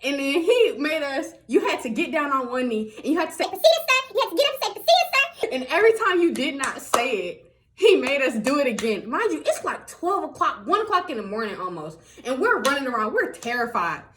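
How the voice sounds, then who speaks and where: Talking straight to her viewers in a chatty vlog, a young woman tells a story in a high, sing-song voice that swings all over her range. She speaks briskly with a slightly bright tone, laughs often, and keeps calling everyone y'all.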